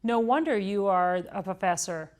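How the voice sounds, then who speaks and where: A woman voicing a cheerful, literal-minded housekeeper woman in a children's storybook read-aloud, bright and eager. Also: medium pitch, animated, moderate pace, natural voice.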